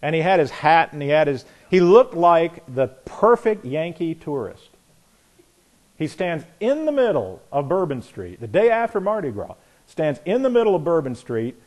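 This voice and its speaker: A man preaching a sermon, animated, telling stories and asking rhetorical questions. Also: on the high side, moderate pace. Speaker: pastor.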